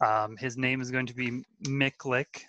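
A man's voice: medium pitch, fairly even intonation, unhurried, sharp tone, no echo, highs cut off. A man co-hosting a tabletop gaming podcast in casual chat, often stumbling and repeating words as he restarts. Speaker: podcast co-host and tabletop player.

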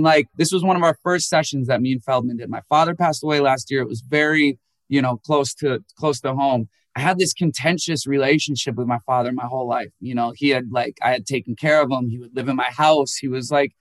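A young man, a musician guest, telling candid and emotional stories and acting out quoted people in a raised voice. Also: no room sound. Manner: animated storyteller who acts out quotes in a higher voice. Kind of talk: candid emotional interview talk.

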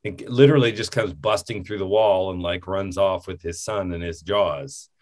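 A man with a slightly low voice talks casually about a film, rambling and laughing as he goes. He is lively and loose, stopping and restarting his thoughts. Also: moderate pace. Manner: rambling, animated, laughs often. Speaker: podcast co-host.

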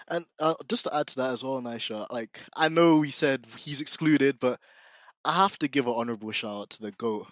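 A man's voice: mid-range voice, brisk, a bit bright, dry recording. A man who is a guest fan on a podcast, speaking in casual chat with effusive, enthusiastic praise.

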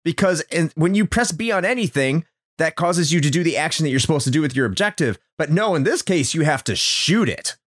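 A man talks quickly and with exasperation as he rants through a casual game discussion. He swears freely and piles complaint on complaint. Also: on the high side, expressive. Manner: fast, exasperated, swearing ranting. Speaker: podcast co-host.

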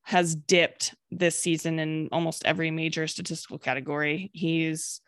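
A woman co-hosting a casual sports podcast, speaking in a relaxed, hesitant way with many fillers. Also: deep voice, normal speed, clear, resonant tone, dry recording, clean studio sound.

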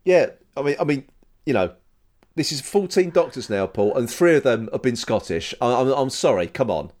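A man's voice: mid-range voice, very animated, moderate pace, darkish tone. A man co-hosting a podcast in casual, rambling chat, often restarting and joking. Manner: rambling, self-correcting, joking. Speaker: podcast co-host.

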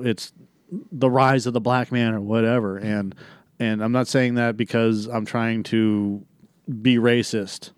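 A man hosts a movie review podcast, chatting casually and telling rambling, profane, animated stories. His voice is mid-range, clear and resonant, in a dry recording.

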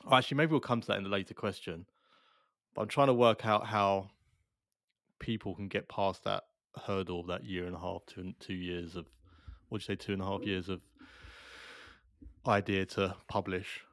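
A man's voice: low-pitched, steady tone, moderate pace, pauses often, no echo, clean studio sound. A man hosting an interview, asking long winding questions and correcting himself as he goes. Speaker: interview host. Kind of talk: casual interview conversation.

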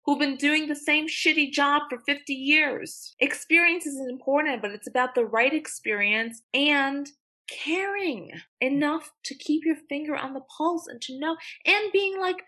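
A woman's voice: high voice, measured pace, pushed and bright. A young woman attorney speaking as a guest in a podcast interview, blunt and emphatic, swearing freely. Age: young adult.

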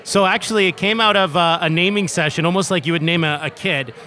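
A man's voice: sits high, quick pace, bright, forceful tone. A man, a tech company co-founder, giving eager interview answers with lots of fillers and restarts, recorded outdoors in a city.

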